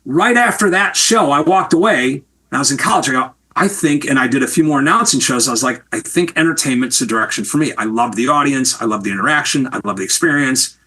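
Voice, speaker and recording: A middle-aged man from Wisconsin, a TV producer telling stories in an interview in an animated, candid way and swearing freely. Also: mid-range voice, fast, few pauses, breathy edge. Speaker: TV producer and guest. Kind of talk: storytelling interview answer.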